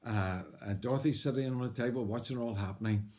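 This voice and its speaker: A man's voice: mid-range voice, fast talker, a little mellow. A man with a Northern Irish accent, a missionary telling his life story as an earnest personal testimony, full of "uh" fillers and bursts of animation. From Northern Ireland.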